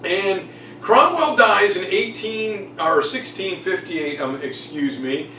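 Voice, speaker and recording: A man's voice: sits high, lively intonation, slow pace, bright, forceful tone, reverberant, distant mic, a little hiss or hum, low-quality recording. A man teaching a casual exam review, jokey and chatty, acting out quotes. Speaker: history teacher.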